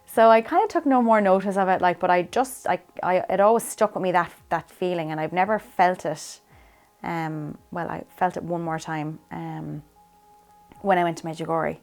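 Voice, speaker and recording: A woman shares her faith testimony in an interview, chatty and saying "like" often while acting out quotes. Her voice is on the low side and a little mellow, at a moderate pace, with faint music behind her.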